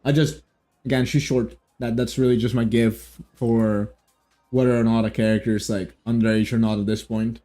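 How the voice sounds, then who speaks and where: A man's voice: mid-range voice, level tone, normal speed, dark tone, faint music behind. A man giving casual commentary on a story game as a streamer, rambling with lots of restarts and joking asides.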